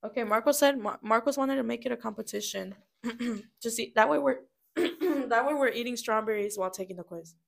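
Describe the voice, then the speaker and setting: A woman's voice: a little high, a little fast, vocal fry. A young woman co-hosting a casual chat, talking and giggling while she eats snacks. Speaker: co-host.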